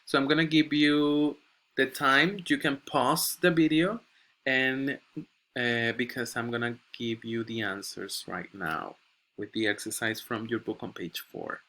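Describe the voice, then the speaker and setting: A man's voice: mid-range voice, steady tone, unhurried, sharp tone. A male English teacher giving a recorded grammar lesson. He reads textbook examples aloud and keeps checking in with "okay?".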